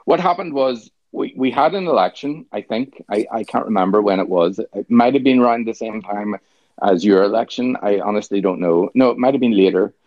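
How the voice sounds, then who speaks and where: Deadpan Northern Irish man, dry sound. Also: on the low side, brisk, no echo. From Northern Ireland. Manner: sardonic, deadpan joking. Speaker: podcast host. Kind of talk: casual chat. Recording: dry, slightly dull sound.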